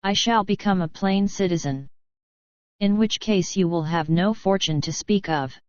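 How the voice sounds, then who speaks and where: A woman reading the lines of an earnest male prince, the young prince's uncle, in an audiobook, speaking stiffly and quietly. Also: medium pitch, a little slow, smooth, dry recording, lo-fi sound, close to an everyday voice. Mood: determined.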